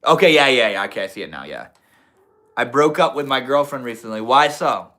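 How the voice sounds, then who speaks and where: A man's voice: medium pitch, lively intonation, a little fast, bright, forceful tone. A young man hosting a live stream in a casual, laid-back way, reading out and answering chat comments with lots of slang and swearing. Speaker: livestream host.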